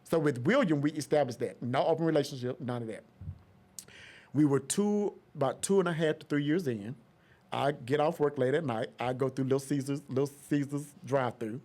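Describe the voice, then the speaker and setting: A man's voice: mid-range voice, fairly quick, darkish tone. A man, a podcast guest telling a story dramatically and acting out the voices of the people in it. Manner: dramatic, acts out voices in quotes. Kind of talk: animated storytelling.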